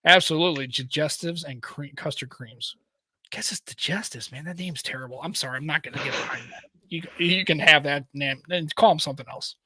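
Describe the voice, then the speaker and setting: A man's voice: fairly high pitch, a little fast, sharp tone, no echo. An American man in his thirties co-hosting a podcast, chatting loosely, joking and swearing freely. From United States. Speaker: podcast co-host. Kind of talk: casual chat.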